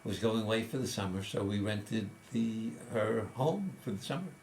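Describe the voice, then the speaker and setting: A man in his eighties with a lowish voice tells long personal stories. He talks in a reflective, conversational way, often restarting a phrase before carrying on. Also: moderate pace, darkish tone, a little hiss or hum. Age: 80s. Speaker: interviewee. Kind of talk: casual storytelling.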